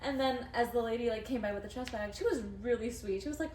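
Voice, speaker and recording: A woman's voice: a little high, fast, few pauses, roomy sound, distant mic, a little hiss or hum. A woman co-hosting a podcast, telling stories animatedly in casual chat with laughter. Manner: animated storyteller, laughing, acting out quotes. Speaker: podcast co-host.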